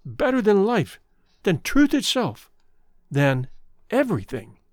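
A man's voice: high-pitched, wildly swooping pitch, takes it slowly, no echo, clean studio sound, voice pushed up, heavily acted. A man reading the lines of a remorseful young woman, a former chorus singer, with an earnest, confessional manner.

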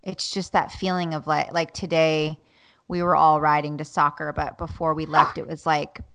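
A woman's voice: sits low, moderate pace. A woman in her thirties co-hosting a casual podcast, telling stories with animation and frequent laughter. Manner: animated storyteller, laughs often, acts out quotes. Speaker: podcast co-host. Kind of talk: casual chat.

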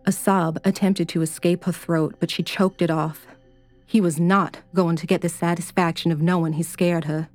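A woman narrating a horror story in a steady, even-toned reading. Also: on the low side, moderate pace, soft background music.

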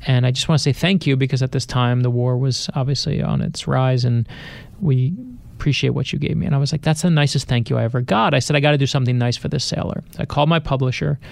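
A man's voice: medium pitch, vocal fry, no echo. A middle-aged man, an author, telling personal anecdotes in a radio studio interview, acting out the voices he quotes. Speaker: best-selling author, interview guest. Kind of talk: animated storytelling.

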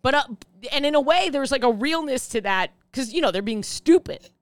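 A woman co-hosting a podcast in an apartment, trading quick jokes in casual comedic chat. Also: high-pitched, expressive, no echo, clean studio sound. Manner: quick riffing, joking. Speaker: podcast co-host.

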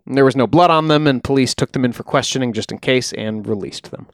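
A man co-hosting a podcast, recounting a true-crime case in a relaxed, chatty way with frequent ums. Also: medium pitch, brisk, dry recording, studio quality. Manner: relaxed, uses fillers like uh and um. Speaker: podcast co-host. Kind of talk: casual true-crime storytelling.

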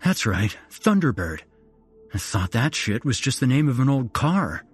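A man voicing a crude, foul-mouthed young man with slangy, profane talk, pitched well above his usual voice. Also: big pitch swings, a little slow, breathy edge, faint music behind. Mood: urgent.

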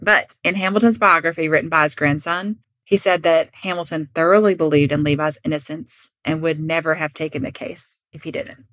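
A woman co-hosting a podcast, telling a true-crime story in lively, laughing casual chat. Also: sits low, a little fast, few pauses, no room sound. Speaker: podcast co-host.

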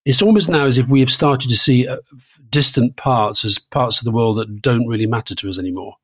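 A man's voice: mid-range voice, brisk, slightly rough. A man in his sixties co-hosting a political podcast, chatting casually with lots of restarts and fillers. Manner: conversational, with frequent restarts and fillers. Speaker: podcast co-host.

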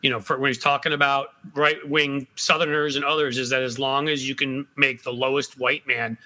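A man's voice: medium pitch, flat delivery, a little fast, bright, forceful tone. A man speaking as a guest on a political panel, blunt and emphatic, repeating his points for force.

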